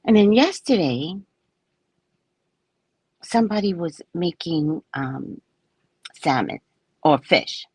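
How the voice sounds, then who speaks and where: A woman psychic casually telling a story about her neighbors, animated and acting out the people she quotes. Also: fairly low pitch, slow, long pauses, husky, dry recording. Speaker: psychic reader.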